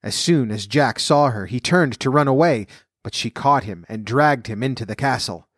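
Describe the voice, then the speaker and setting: A man reads a fairy tale aloud in a steady, even manner. His voice sits at an ordinary mid pitch. The recording is dry and close, with no room sound. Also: moderate pace, no echo. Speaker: storyteller. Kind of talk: scripted narration of a fairy tale.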